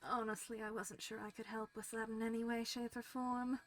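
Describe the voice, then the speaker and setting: A woman playing a character in a group roleplay, measured and polite with a slightly weary tone. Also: fairly high pitch, flat delivery. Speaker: roleplay player.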